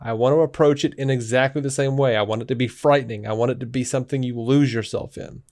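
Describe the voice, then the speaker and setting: A man's voice: medium pitch, fairly even intonation, quick pace, a little mellow. A man co-hosting a podcast, reading out news quotes and chatting casually about them. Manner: reads out news quotes, then chats. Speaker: podcast co-host.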